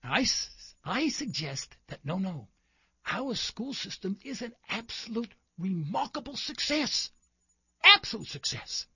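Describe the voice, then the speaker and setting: A man's voice: sits high, sing-song, unhurried, pushed and bright, breathy edge, no echo, muffled recording. A man hosting a talk show, delivering an impassioned political commentary monologue full of rhetorical questions and indignant emphasis.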